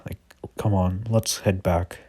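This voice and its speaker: An easygoing female leader , voiced by a man in his own deep voice. Flat, casual talk on a dry recording. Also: takes it slowly. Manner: casual, filler-heavy.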